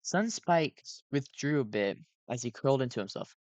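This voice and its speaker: A man's voice: mid-range voice, expressive, moderate pace, a little mellow, no room sound. A sleep-deprived man reading a fan story aloud on a cheap home mic, often stumbling and correcting himself. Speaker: fan reader. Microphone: cheap home microphone.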